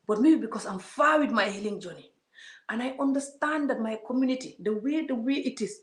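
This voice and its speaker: A woman giving an emphatic, preachy vlog monologue, full of repeated words and rhetorical questions. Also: medium pitch. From Gambia. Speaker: vlogger. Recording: roomy echo.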